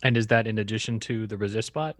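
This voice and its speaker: A man's voice: on the low side, fast, no echo. A man co-hosting a podcast, amused and laid-back in casual chat. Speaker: podcast co-host.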